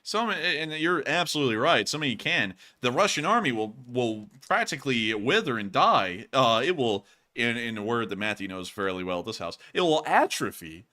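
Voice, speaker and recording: A man hosting a casual livestream news commentary, emphatic and animated, laughing often. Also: mid-range voice, moderate pace, few pauses. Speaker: host.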